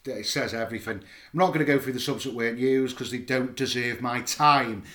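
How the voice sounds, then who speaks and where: A man's voice: medium pitch, fairly even intonation, brisk, sharp tone, reverberant. A man co-hosting a casual football fan chat, blunt and exasperated as he rates the players. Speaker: podcast co-host.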